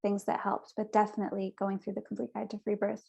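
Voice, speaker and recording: A woman's voice: medium pitch, completely flat delivery, fast talker, creaky, mellow, breathy edge, dull audio. A young woman guest on a podcast, telling her personal story in an earnest, chatty way. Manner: earnest, chatty, with small restarts.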